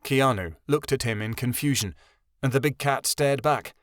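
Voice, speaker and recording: A man narrating a fantasy audiobook in an even storytelling manner. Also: medium pitch, moderate pace, no echo, clean studio sound.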